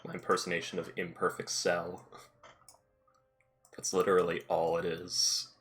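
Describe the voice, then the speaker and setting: A man's voice: sits low, completely flat delivery, normal speed, a bit bright. A man chatting casually as game master before a tabletop game session, laughing often. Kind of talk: casual pre-session chat.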